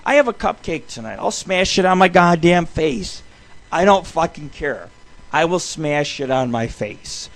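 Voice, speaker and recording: A man's voice: on the high side, unhurried. Ranting, foul-mouthed man hosting a show. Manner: loose, swearing, ranting, excitable. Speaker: radio show host. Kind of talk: profane rambling monologue. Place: home studio.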